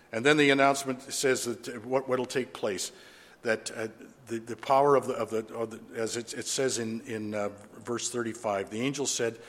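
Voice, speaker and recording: A man's voice: mid-range voice, steady tone, normal speed. A man preaching a sermon, earnestly reading scripture aloud and then explaining it conversationally in a church. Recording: long reverb of a large room.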